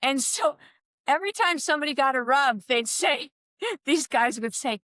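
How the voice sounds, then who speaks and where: A woman in her sixties telling lively stories in a casual podcast interview, acting out the voices of people she quotes. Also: high voice, normal speed, dry recording, clean studio sound. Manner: animated storyteller, acts out quoted voices, laughs often. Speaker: guest, former team soigneur.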